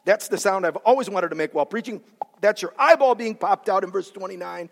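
A male preacher giving a sermon in an animated, dramatic way, acting out quotes with different voices. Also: high-pitched, brisk, gravelly. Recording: long reverb of a large hall.

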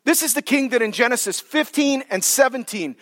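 A man preaching a sermon as pastor, emphatic, drawing key words out slowly for weight. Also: very high voice, animated, fairly bright tone. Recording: long reverb of a large hall.

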